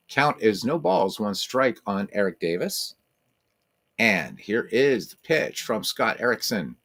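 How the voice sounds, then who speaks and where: Brief: a man with a lowish voice, calling tabletop baseball play-by-play, relaxed and casual. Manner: mock announcer calls, talks to his cats in a high, cooing voice. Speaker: host playing a tabletop baseball game.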